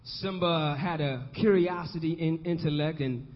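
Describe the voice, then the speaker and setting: High-voiced preacher in a reverberant hall. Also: male voice, unhurried, dull audio. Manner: rhythmic, repeats phrases, swells to shouts. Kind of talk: call-and-response sermon.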